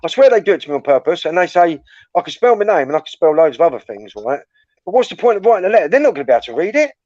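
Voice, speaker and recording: A man's voice: on the high side, big pitch swings, rapid-fire, darkish tone, no room sound. A middle-aged man, chatting casually, swearing freely, stumbling over words and laughing often. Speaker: participant in a group voice chat. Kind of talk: casual banter. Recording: dry, dull lo-fi audio.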